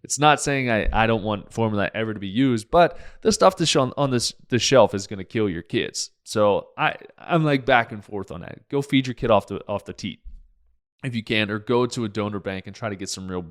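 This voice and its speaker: A man's voice: lowish voice, brisk. A man hosting his own show as a naturopathic doctor, ranting in a fired-up way, swearing freely and jumping from point to point. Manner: jumps between topics, many restarts. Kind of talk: podcast monologue.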